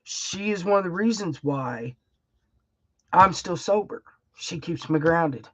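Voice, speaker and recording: A woman's voice: fairly low pitch, expressive, slow pace, a bit bright, dry recording. A middle-aged woman, chatting on her own livestream in a rambling, emotional, folksy way and laughing often. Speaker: livestream host. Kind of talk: casual heartfelt livestream chat.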